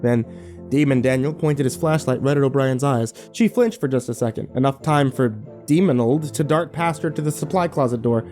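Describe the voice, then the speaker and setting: A man narrating a first-person horror story in a wry, animated way. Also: medium pitch, normal speed, soft background music.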